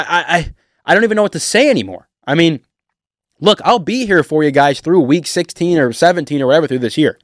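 A man delivering a heated, emotional sports rant to his viewers, animated and sarcastic. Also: on the high side, no echo, clean studio sound. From Detroit area. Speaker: sports fan vlogger. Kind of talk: ranting sports commentary.

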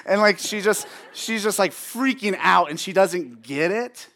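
A man's voice: sits high, lively intonation, normal speed, a bit bright. A man in his thirties preaching a sermon in a conversational way, with self-joking asides.

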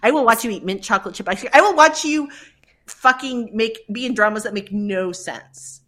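A woman in her thirties co-hosting a podcast in casual chat, laughing often, excitable and swearing freely. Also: fairly high pitch, normal speed. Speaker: podcast co-host.

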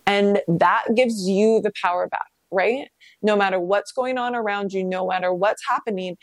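A woman hosting a casual solo podcast, talking candidly and self-reflectively, with swearing and pitch leaps when emphatic. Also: steady tone, normal speed, no room sound. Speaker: podcast host.

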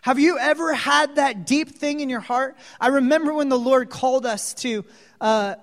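A man preaching a storytelling sermon, dramatic, moving from hushed asides to loud exclamations and asking listeners questions, in a hall with long reverb. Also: very high voice, moderate pace.

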